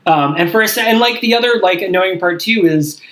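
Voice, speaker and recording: Brief: young male podcast host, high-pitched, rambling and profane storyteller. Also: a little fast, fairly bright tone, rough recording. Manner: profane, rambling, heavy use of "like". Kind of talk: casual storytelling chat.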